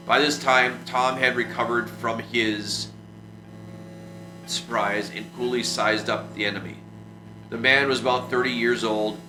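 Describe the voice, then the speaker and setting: A man reading a classic adventure novel aloud for a book club, steady with small restarts. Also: medium pitch. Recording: roomy echo with music behind.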